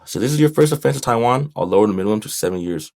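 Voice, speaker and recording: A man's voice: on the low side, lively intonation, very fast, creaky, darkish tone. A man voicing a stern, formal female judge.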